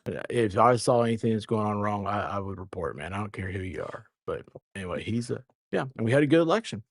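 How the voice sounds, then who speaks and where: A man's voice: on the low side, animated, quick pace, gravelly, no room sound, studio quality. A man from Memphis with a Southern American accent, co-hosting a casual chat and telling stories in a laid-back, rambling way. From Memphis, Mid-South United States. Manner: laid-back, rambling, laughs mid-sentence. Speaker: co-host.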